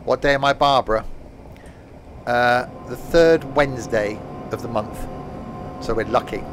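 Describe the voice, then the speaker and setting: A man's voice: mid-range voice, measured pace, a little hiss or hum. A man casually chatting while live-streaming a train game, rambling and joking to himself and his chat at a home desk mic.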